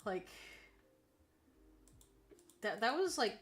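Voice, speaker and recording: A woman's voice: medium pitch, sing-song, drawn-out words, soft background music. A woman streamer in casual chat on a call, exasperated and stammering.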